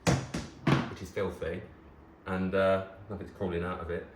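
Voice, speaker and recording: A man in his thirties chatting casually to camera, gushing and quick to get emotional as he shows old keepsakes. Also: deep voice, flat delivery. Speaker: former talent show contestant, presenter. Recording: echoey room, faint hiss.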